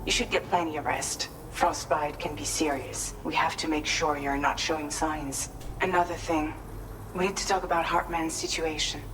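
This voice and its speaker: An actress playing a caring medic in a video game, speaking calmly and giving advice. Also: female voice, sits low, normal speed, close to an everyday voice. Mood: concerned. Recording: distant game audio with noise.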